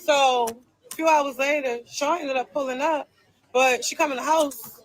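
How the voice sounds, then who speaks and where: A woman's voice: high-pitched, fairly even intonation, normal speed, no echo, rough recording. A woman venting on a livestream, telling her side of a falling-out in an emphatic, repetitive and heated way.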